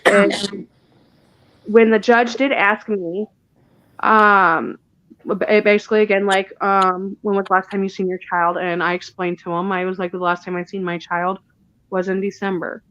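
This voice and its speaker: A woman's voice: medium pitch, level tone, normal speed, fairly bright tone, no room sound, muffled recording. A woman, a guest in an interview, recounting a painful personal story in a rush, with restarts and asides. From Indiana. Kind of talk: emotional personal account.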